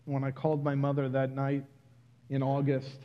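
A man preaching a sermon in a personal, confiding way that builds to loud exclamations. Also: mid-range voice, completely flat delivery, normal speed, lo-fi sound.

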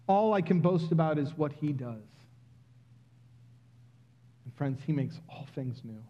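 Slow-preaching man with a higher voice. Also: animated, highs cut off, slight background noise. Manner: personal, builds to loud exclamations. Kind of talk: sermon.

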